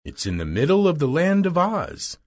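A man voicing a kind little old woman, a gentle witch, speaking slowly and soothingly in a storybook reading. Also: a little high, wildly swooping pitch, pitched above the performer's own voice. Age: over 60.

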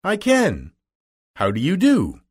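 A friendly scarecrow stuffed with straw, gentle and a little plaintive, played by a male storyteller. The voice is lifted above his usual pitch and leaps about widely. It stays husky and unhurried throughout. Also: huge pitch swings, heavily acted. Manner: slow storybook reading, bouncy pitch. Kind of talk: storybook reading.

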